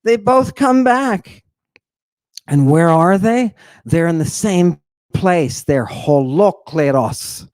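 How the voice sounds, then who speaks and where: A man giving an informal slide lecture in an emphatic, teasing way, pausing for rhetorical questions and asking "right?" again and again. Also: high voice, animated, a little mellow, no room sound, studio quality. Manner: teasing, addresses the audience directly.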